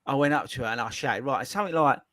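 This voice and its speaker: A man hosting a running podcast, telling stories in a lively, laughing way. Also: mid-range voice, quick pace, no room sound, studio quality. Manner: animated, laughing storyteller. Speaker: podcast host. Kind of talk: casual chat.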